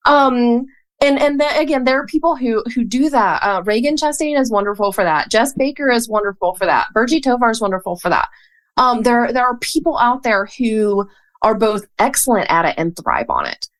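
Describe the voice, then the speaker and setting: Guest, female, Southern US accent, calm and thoughtful, dry wit, casual chat. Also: a little high. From North Carolina, US. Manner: measured and thoughtful, with a dry humor. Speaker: podcast guest, photographer.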